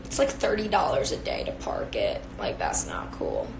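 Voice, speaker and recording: A woman's voice: extremely low pitch, huge pitch swings, normal speed, gravelly, background noise. Young woman, casual live-stream chat, giggly and rambling, phone mic, roomy echo, faint ambience. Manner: chatty, giggly, filler-heavy. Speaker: beauty influencer. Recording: echoey room, faint ambience.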